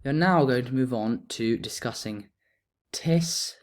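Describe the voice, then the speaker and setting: A man explaining grammar in a relaxed lesson, thinking aloud as he writes notes. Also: mid-range voice, normal speed, slight background noise. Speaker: teacher.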